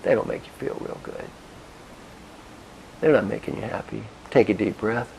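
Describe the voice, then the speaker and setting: A man giving a motivational talk, guiding listeners through reflection and telling stories in an expressive, directive way. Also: on the low side, vocal fry, slight background noise, poor audio. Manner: expressive, directive, with soft pauses. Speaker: motivational speaker and coach. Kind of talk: guided reflection and storytelling talk.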